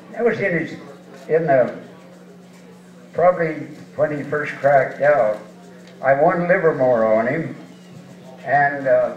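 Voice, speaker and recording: A man in his eighties from eastern Washington, telling folksy, chuckling rodeo stories in an onstage interview. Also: a little high. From eastern Washington, USA. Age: 80s. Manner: folksy, chuckling, rambling anecdotes. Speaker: rodeo hall of fame inductee, interviewee. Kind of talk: storytelling on stage interview. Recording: distant, echoey and dull hall sound.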